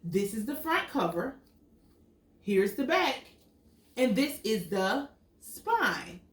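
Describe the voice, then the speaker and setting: In an echoey room captured by a distant microphone, a woman teacher with a slightly high voice slowly reads a picture book to young children. Her storytelling is expressive; she performs the sound words and stops now and then to quiz the kids.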